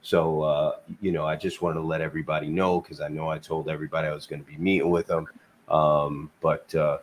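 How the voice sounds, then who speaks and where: A man's voice: extremely low pitch, little pitch movement, moderate pace. A man hosting a casual trucking talk show over a video call, blunt and teasing, with plenty of swearing and "uh" fillers. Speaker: podcast host. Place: Queens, New York.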